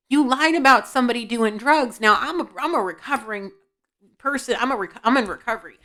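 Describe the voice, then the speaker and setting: Her voice is on the high side, pushed and bright, and she talks briskly. In a tarot-style reading filmed at home, this intuitive reader bluntly scolds and poses questions to her guides, then answers them herself.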